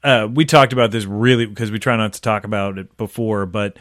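A man casually chatting through a film commentary, relaxed and swearing, now and then joking in characters' voices. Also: on the low side, fairly quick, no echo, studio quality. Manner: laid-back, swearing, does jokey voices of characters. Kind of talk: casual movie commentary chat.

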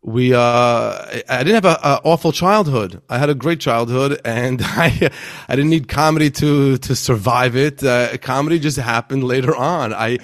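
A man's voice: mid-range voice, normal speed. A man who is a stand-up comedian, chatting casually as a podcast guest and often repeating words as he thinks. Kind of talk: casual interview conversation.

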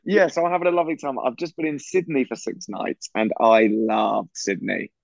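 A man's voice: mid-range voice, steady tone, moderate pace, vocal fry, no echo, dull audio. A man co-hosting a podcast from a hotel room, rambling and laughing often. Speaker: podcast co-host. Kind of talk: casual chat over a video call. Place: echoey hotel room, on a bed.

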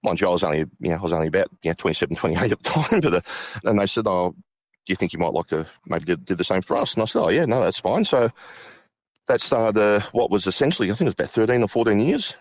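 A middle-aged man recounting a personal ghost story, halting with many restarts and fillers. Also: lowish voice, lively intonation, no echo, lo-fi sound. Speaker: guest.

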